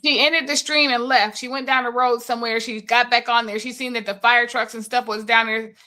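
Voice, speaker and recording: Bright-voiced woman telling a story. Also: on the high side, fairly quick. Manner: animated storytelling with quoted voices. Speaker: podcast co-host. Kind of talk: casual chat.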